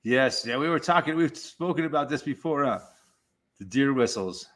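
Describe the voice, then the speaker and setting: A middle-aged man chats on his live stream in a loose, rambling way, swearing freely. His voice has a bright, forward edge at an ordinary male pitch. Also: lively intonation, moderate pace. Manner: rambling, profane, laid-back. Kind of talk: casual live stream chat.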